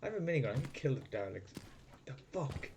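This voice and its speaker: Frantic swearing gamer with lively pitch. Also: male voice, racing. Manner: frantic, swearing, yelling in panic then muttering to himself. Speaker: gaming video creator. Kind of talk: panicked gameplay commentary. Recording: loud background noise with clicks.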